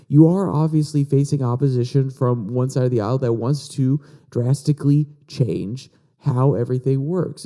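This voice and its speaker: A male podcast host with an extremely dark, mellow voice that sits at a middle pitch. He talks through political articles in a loose, conversational way and reads quotes aloud as he goes. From Virginia, USA. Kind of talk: casual political commentary.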